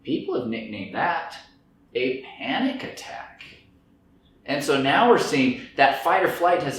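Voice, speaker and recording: A man speaking about anxiety and stress lectures a group, acting out inner voices through quoted dialogue. His voice is fairly high and a bit bright, very animated yet unhurried. The room is very echoey, with faint background noise.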